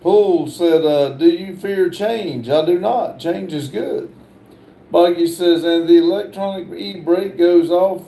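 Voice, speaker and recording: A middle-aged man hosts a casual livestream and reads chat comments aloud, his voice pitched high for a man. He talks slowly and haltingly, with plenty of fillers. His voice sounds mellow, and the room is noticeably echoey. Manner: slow, halting, lots of "uh" fillers. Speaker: livestream host.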